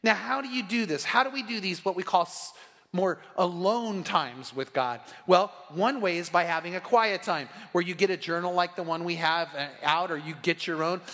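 Middle-aged guy pastor, high bright voice, chatty earnest sermon, echoey church hall. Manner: storytelling, conversational and earnest. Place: church sanctuary. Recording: long reverb of a church hall.

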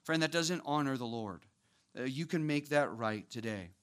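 A young man preaching a sermon to a church audience, talking conversationally and building to animated emphasis. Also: medium pitch, normal speed, smooth. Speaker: pastor.

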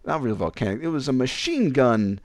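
Man, frank storyteller, rambling, acts out quotes, very expressive pitch. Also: fairly quick, no room sound, studio quality. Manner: frank, rambling, animated retelling with quoted dialogue. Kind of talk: candid personal storytelling.

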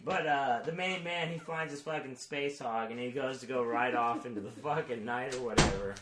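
A man's voice: mid-range voice, normal speed, echoey room, crowd noise. A man in casual, profane banter about comic books, jokingly acting out the characters. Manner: profane, jokey, acts out characters mockingly. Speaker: comic book discussion co-host.

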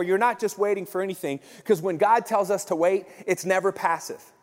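A man preaching a sermon as pastor, animated and conversational. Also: high-pitched, a little fast. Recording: long church-hall reverb.

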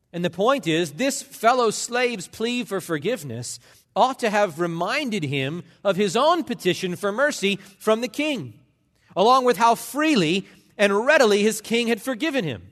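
A male pastor delivers an impassioned sermon, his voice swinging widely and sitting somewhat high. He hammers points with emphasis and dramatic pauses. The sound carries the long reverb of a large church hall. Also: fairly bright tone.

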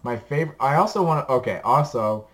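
A man's voice: medium pitch, expressive, quick pace. A man on a podcast chatting casually and enthusiastically about music he likes, rambling and laughing as he talks. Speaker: podcast co-host giving a music recommendation. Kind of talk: casual chat.

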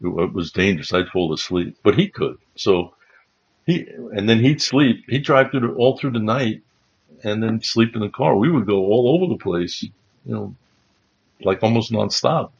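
Man, chaplain host, rambling anecdotes, low husky voice, dull lo-fi audio. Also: lively intonation, moderate pace. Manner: rambling, restarts, chuckling as he recalls. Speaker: chaplain and host of a Bible livestream. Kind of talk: casual anecdotal storytelling.

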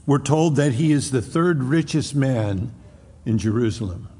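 Man, preacher, gravelly, husky, storytelling sermon, long reverb. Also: mid-range voice, warm tone. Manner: storytelling, frequent restarts, acts out quotes. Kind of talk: expository sermon.

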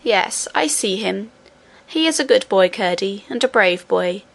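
A woman voicing a gentle, wise old grandmother who speaks softly, slowly and kindly. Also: mid-range voice, animated, vocal fry. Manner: soft, slow and kindly.

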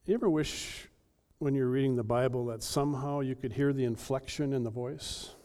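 A male pastor preaching an earnest sermon with emphatic delivery and dramatic pauses. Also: mid-range voice, warm tone.

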